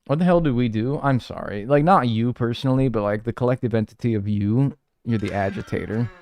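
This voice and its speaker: Man, game streamer, casual rambling banter, swears a lot, medium pitch, soft music behind. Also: fairly quick. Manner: rambling, profane, jokey banter with chat. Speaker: speedrunning streamer. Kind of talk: casual livestream chat while playing.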